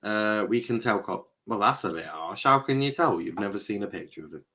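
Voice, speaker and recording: A man's voice: lowish voice, lively intonation, fairly quick, pushed and bright. A young man hosting a live football watchalong, chatting casually with viewers, rambling, stumbling over words and swearing now and then. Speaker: watchalong streamer host. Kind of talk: casual live-stream chat reading viewer comments.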